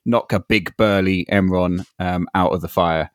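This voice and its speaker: Hesitant man with a low voice, dry sound. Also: steady tone, normal speed, clean tone, no room sound. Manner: hesitant, thinking aloud with many fillers. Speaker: player. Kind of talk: describing his character's actions.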